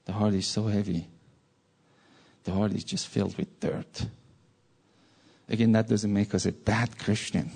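A man's voice: lowish voice, flat delivery, unhurried, creaky, long pauses, darkish tone, breathy edge. A man preaching a sermon, telling a personal story in an earnest way and repeating words for stress.

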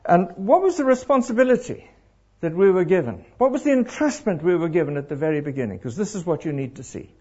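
A middle-aged man preaching to a congregation, animated and throwing questions out to the crowd. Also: sits high, fast, slightly rough. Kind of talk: interactive sermon. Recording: dull lo-fi live recording.

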